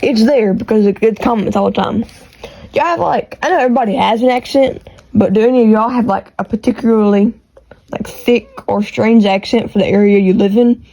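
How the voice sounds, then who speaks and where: A woman with a thick Texas country accent hosting her own podcast from her bedroom, talking quickly and rambling with restarts, recorded on earbuds and a phone. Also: fairly high pitch, gravelly, warm tone, low-quality recording. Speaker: podcast host. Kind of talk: casual solo podcast chat. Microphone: AirPods with iPhone recording.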